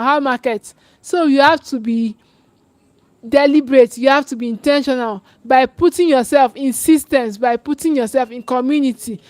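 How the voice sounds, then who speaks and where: Lady coach pushing her webinar, high voice, keeps repeating herself, dry close sound. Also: no echo. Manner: urgent, repetitive, restarts phrases. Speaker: parenting coach. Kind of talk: live webinar sales pitch.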